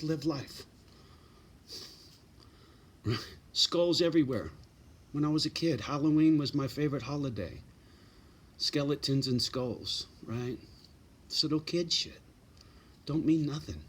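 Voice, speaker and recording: A man's voice: fairly high pitch, slow, long pauses, fairly bright tone, breathy edge. A middle-aged man giving blunt, profane advice in a casual straight-talking monologue, often tagging lines with "right?" and "you know".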